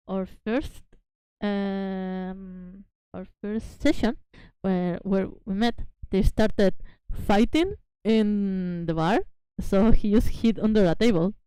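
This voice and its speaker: A woman whose first language is Spanish, chatting casually while streaming live as a VTuber from home. She talks in an excitable, giggly way and often apologizes. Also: medium pitch, smooth, dry recording.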